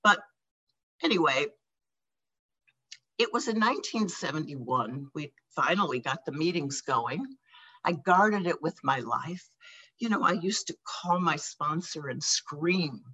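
An older American woman tells her own recovery story to a meeting, her talk halting and emotional, broken by small laughs and sighs. Her voice is bright and somewhat husky, and it rises and falls widely as she speaks. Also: on the low side, sing-song, poor audio. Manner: emotional, halting, laughing and sighing between thoughts. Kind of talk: personal testimony.

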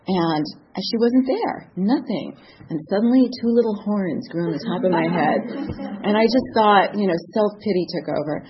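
A woman in her fifties shares a recovery story from her own life, laughing a lot and acting out the voices of the people she quotes. Her voice is medium-pitched at a normal speed, and the recording is muffled.

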